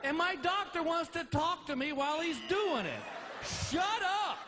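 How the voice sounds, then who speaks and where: A lively man in his forties doing stand-up, his voice sitting high and swinging widely as he acts out every part of the story. The live stage recording has audience laughter behind him. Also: moderate pace, background noise. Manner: animated storytelling, acting out both sides of dialogue. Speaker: stand-up comedian.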